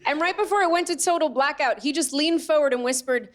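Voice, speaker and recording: A woman's voice: high-pitched, fast talker, slight background noise. An American woman from New York doing a chatty, self-mocking stand-up set on a theatre stage. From Staten Island, New York, USA. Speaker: stand-up comedian. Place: theatre stage before a laughing audience.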